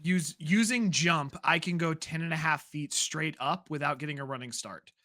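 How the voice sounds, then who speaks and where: A man playing in a tabletop game, energetically rattling off quick plans. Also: on the high side, pushed and bright. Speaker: player. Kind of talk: casual tabletop play.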